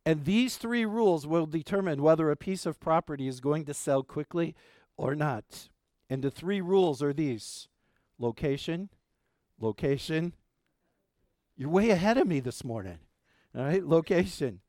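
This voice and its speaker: A man's voice: a little high, unhurried, no echo, studio quality. Folksy man preaching an Easter sermon. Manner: folksy, animated storytelling with jokes; gentle, soft-spoken prayer. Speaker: pastor.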